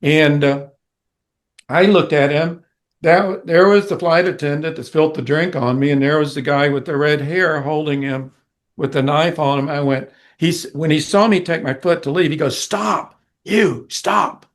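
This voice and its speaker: An older man, a musician being interviewed, telling a story in an animated way and acting out the people in it. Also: a little high, moderate pace. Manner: animated, vivid storyteller who acts out quoted people. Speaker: guest musician.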